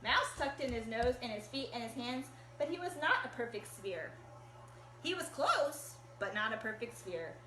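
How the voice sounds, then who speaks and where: A woman reading a picture book aloud to children in an animated, encouraging way and asking them to join in. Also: on the high side, normal speed, slight background noise. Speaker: storytime reader. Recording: echoey room.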